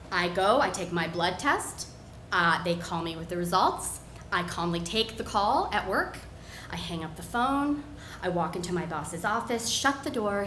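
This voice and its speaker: A woman's voice: medium pitch, fairly bright tone, a little hiss or hum. A woman in her thirties telling a personal story live on stage, acting out her own self-mocking inner voice. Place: bar with live audience. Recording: echoey room, faint ambience.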